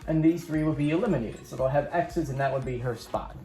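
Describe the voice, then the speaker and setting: A man's voice: a little high, fairly quick, warm tone, soft background music. A man hosting his own channel, walking viewers through a homemade game board in a chatty, upbeat way, with rambling asides. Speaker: YouTube host. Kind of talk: casual show-and-tell walkthrough.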